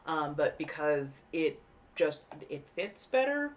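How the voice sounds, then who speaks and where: A woman's voice: low-pitched, very animated, slow pace, slight background noise. A woman hosting a live stream in casual chat, rambling easily and enunciating carefully around costume fangs. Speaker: livestream host.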